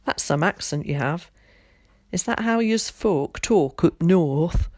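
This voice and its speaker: Storybook blunt teen sister, offhand, lowish voice, read by a woman, dry sound. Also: very animated, moderate pace, no echo, exaggerated voice. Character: blunt teenage girl, rude older sister.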